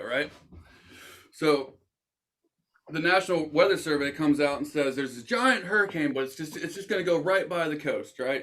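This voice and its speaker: A young man hosting a casual podcast, telling a story with lots of swearing and acted-out quotes. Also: fairly high pitch. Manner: animated, swears, acts out quoted voices. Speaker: podcast host.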